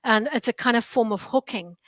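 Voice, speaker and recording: A woman's voice: on the high side, brisk, a bit bright, no echo. A tired woman, a textile historian, chatting as a guest on a live video call. She talks in a discursive, hedging, self-deprecating way. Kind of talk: casual live video chat.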